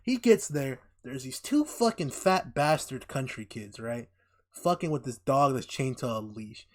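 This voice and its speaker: A man co-hosting a casual podcast, recapping a TV show in a profane, animated way and acting out the characters' lines. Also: medium pitch, a little slow. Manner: profane, animated retelling with acted-out quotes. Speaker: podcast co-host.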